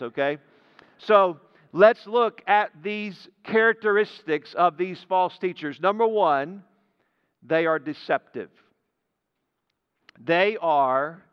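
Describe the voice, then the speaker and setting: A man preaching a sermon as pastor, emphatic and deliberate, letting his voice drop low at the ends of phrases. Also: smooth, in a large hall, highs cut off. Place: church sanctuary.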